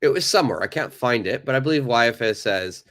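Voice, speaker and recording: A man's voice: mid-range voice, expressive, fast, fairly bright tone. A man teaching a live online English lesson, chatting loosely with many fillers and reading from the chat.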